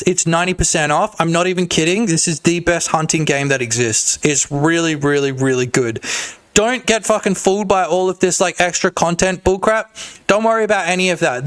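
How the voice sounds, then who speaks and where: A man streaming while he develops a game, chatting casually and excitably, swearing and rambling. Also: high-pitched, moderate pace. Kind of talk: casual livestream chat.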